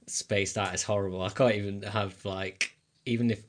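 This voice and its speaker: Podcast host, man, lowish voice, easygoing and agreeable, asks open questions. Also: steady tone, normal speed. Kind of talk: casual interview chat.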